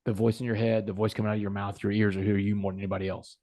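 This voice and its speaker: A man's voice: fairly low pitch, little pitch movement, racing, dark tone, dry recording, clean studio sound. A man, a podcast guest, telling a personal story in an earnest, emphatic way. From United States.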